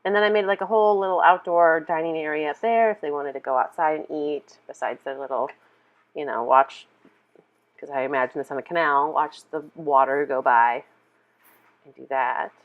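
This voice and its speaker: A woman's voice: deep voice, fairly even intonation, moderate pace. Chatty giggly woman, lo-fi voice. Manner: chatty, rambling, giggly, full of "like". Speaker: game video creator. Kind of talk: casual build walkthrough commentary.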